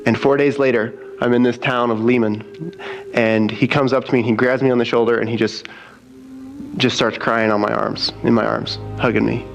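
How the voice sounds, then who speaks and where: Gravelly man telling a testimony. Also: medium pitch, moderate pace, lo-fi sound, faint music behind. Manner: animated storytelling, quoting others. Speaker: missionary telling his story. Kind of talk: spoken testimony.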